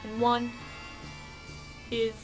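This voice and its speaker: A woman's voice: fairly high pitch, monotone, drawn-out words, over music, rough recording. A young woman vlogger chatting casually through a fan question list, rambling and a bit shy.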